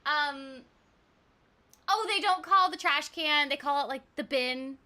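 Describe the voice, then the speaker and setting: A woman's voice: sits high, takes it slowly, sharp tone. A woman voice actor chatting casually while streaming a game, giggly and full of "like"s. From United States. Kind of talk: casual chat while playing.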